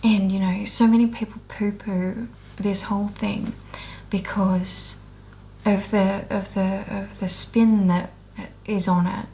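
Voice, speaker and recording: A woman's voice: medium pitch, flat delivery, takes it slowly, creaky, dark tone, slight background noise. A woman speaking in a candid, unscripted monologue, blunt and heavily profane, earnest and emotional as she rambles with restarts about her spiritual awakening.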